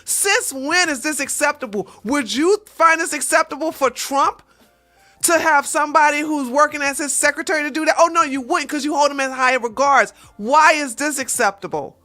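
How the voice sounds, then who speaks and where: A brash woman commentator with a high, bright, forceful voice. She is profane and sassy, mocking what she covers on her livestream. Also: moderate pace, soft background music. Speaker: host of a political commentary livestream. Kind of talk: opinionated political commentary.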